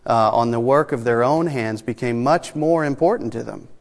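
A man delivers a sermon in an even, mid-range voice, measured and deliberate. He pauses often, fills gaps with a soft "uh", and slows right down to press home key words. His voice rings out with a long reverb, as in a church sanctuary. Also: mid-range voice. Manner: measured preaching with pauses and fillers, slowing for emphasis. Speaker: pastor.

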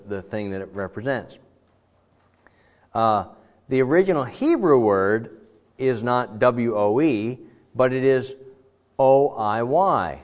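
Conversational male preacher, slightly muffled recording. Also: medium pitch. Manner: conversational, animated, with many fillers and restarts. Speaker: pastor. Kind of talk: sermon.

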